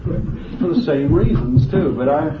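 A man preaching a sermon with fervent emphasis, moving between loud bursts and quiet asides, thinking aloud with restarts and "you see.". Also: a little high, animated, unhurried, far from the mic, heavy background noise. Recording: dull, lo-fi, echoey and off-mic.

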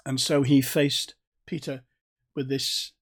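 A man with a North Staffordshire accent, reading scripture and preaching in a measured, emphatic teaching manner. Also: medium pitch, little pitch movement, breathy edge. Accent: North Staffordshire English. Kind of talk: Bible reading and sermon.

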